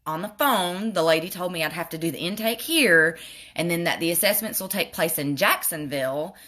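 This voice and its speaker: A young woman doing a makeup tutorial at home, telling a frustrated, animated story with swearing. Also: on the low side, moderate pace. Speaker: beauty vlogger.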